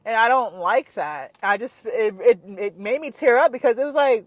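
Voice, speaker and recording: A young woman fitness vlogger telling a story to her viewers in a frustrated, animated way, saying "like" constantly. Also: on the high side, normal speed, hardly any pauses, no room sound. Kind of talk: casual storytime rant to camera.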